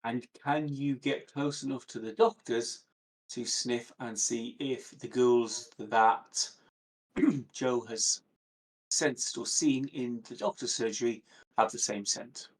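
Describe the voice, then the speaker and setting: A man playing a tabletop game, polite and measured in how he asks things. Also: medium pitch, fairly even intonation. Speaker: player. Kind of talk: tabletop role-play banter.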